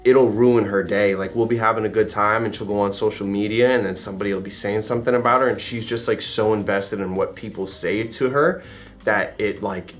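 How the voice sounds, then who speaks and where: A man's voice: on the low side, fairly even intonation, fairly quick, soft background music. A man answering questions with his girlfriend in a casual chat, laid-back and easygoing. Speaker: boyfriend guest.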